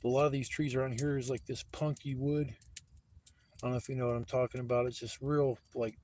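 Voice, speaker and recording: A man's voice: mid-range voice, flat delivery, a little fast, mellow, slight background noise. A man livestreaming outdoors in the woods on a phone, telling stories in a rambling, profane way and quoting people as he goes. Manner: rambling, profane, heated retelling with quoted dialogue. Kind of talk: casual storytelling livestream.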